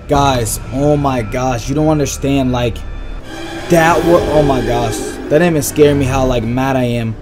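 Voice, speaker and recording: A young man giving excitable, slang-heavy let's-play commentary on a horror game and reacting loudly to scares. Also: mid-range voice, measured pace, over music. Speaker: gaming YouTuber.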